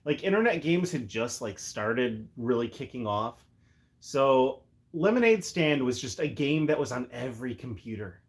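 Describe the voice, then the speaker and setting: A man's voice: mid-range voice, moderate pace. A man chatting casually and jokily on a livestream from a room at home, rambling from one thing to the next. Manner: rambling, joking, animated. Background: faint heater hum.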